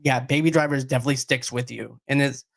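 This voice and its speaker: A man's voice: medium pitch, steady tone, fast talker, creaky. A man with a Boston accent hosting a casual movie chat, talking in an enthusiastic, rambling way. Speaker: podcast host.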